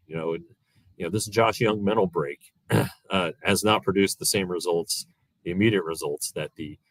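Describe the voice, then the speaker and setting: A middle-aged man with a very deep voice gives casual sports analysis. He rambles, circling back with fillers and false starts. The sound is dry and close. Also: a bit bright, dry recording. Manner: rambling, many fillers and restarts. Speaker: guest analyst. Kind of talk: casual sports podcast chat.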